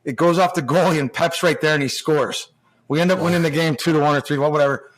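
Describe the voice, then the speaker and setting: Middle-aged male podcast guest, pitched a bit high, swears freely and tells animated stories in a loose, casual way. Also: quick pace. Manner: animated, profane anecdote-telling with restarts. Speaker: podcast guest, former hockey player. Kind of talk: casual storytelling chat.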